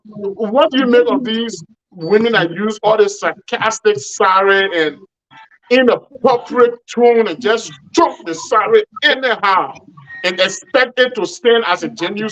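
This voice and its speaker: A man's voice: high-pitched, a bit bright, lo-fi sound. A man on a radio talk show who questions the pastor animatedly and acts out quoted speech. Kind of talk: radio call-in discussion.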